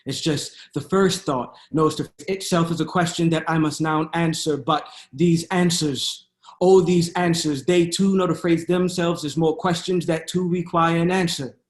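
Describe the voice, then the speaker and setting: Over a video call, a male poet performs his poetry in a rhythmic spoken-word style, pausing with hesitant fillers between poems. His fairly high voice keeps a measured pace and fairly even intonation, and the room sounds echoey.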